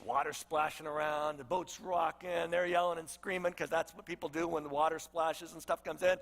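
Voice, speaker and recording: A pastor preaching in a relaxed, chatty storytelling style, his voice high and bright. It carries with a long reverb through a large church hall. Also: moderate pace. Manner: conversational, storytelling, animated asides. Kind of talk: sermon.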